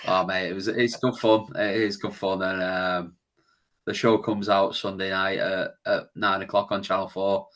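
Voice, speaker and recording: A man with a very deep but bright, forceful voice talks as a podcast guest. His easygoing, chatty delivery comes with a good deal of self-mocking humor. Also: level tone, normal speed. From England. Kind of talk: casual chat.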